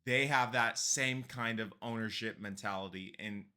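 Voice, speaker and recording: Bright-voiced male podcast host. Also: lowish voice, normal speed, smooth. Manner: agreeable, emphatic affirmations. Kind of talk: casual interview chat.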